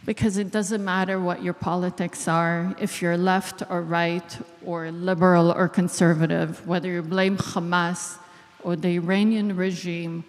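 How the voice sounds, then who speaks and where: An Israeli woman, a clinical psychologist, giving a deliberate speech to an audience. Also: on the low side, little pitch movement. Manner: slow, deliberate, emotional at moments. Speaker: clinical psychologist, event organizer. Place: large hall. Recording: long reverb of a large hall.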